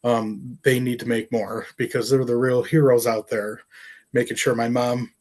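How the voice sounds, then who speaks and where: A middle-aged man, an artist, telling a personal story in an interview, earnest and emotional, halting with fillers. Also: mid-range voice, flat delivery. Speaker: artist and professor.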